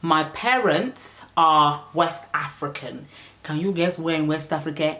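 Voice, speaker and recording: A woman's voice: deep voice, unhurried, bright, forceful tone, echoey room. A young British-born woman chatting playfully to camera as a vlogger, laughing often. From United Kingdom. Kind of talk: casual chat to camera.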